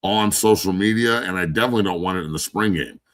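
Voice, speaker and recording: A man with a low, gravelly-free but deep-set voice hosts a casual sports talk show. He talks loosely and profanely, tells stories from his playing days, and slips into other people's voices while telling them. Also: fast. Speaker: podcast host, former player.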